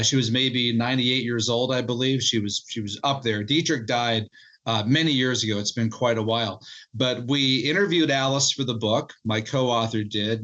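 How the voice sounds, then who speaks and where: A man, a co-author on the show as a guest, talks through his sources in an earnest way. His voice sits at an ordinary middle pitch, and he often restarts and repeats words as he goes. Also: bright, forceful tone, lo-fi sound. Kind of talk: interview storytelling.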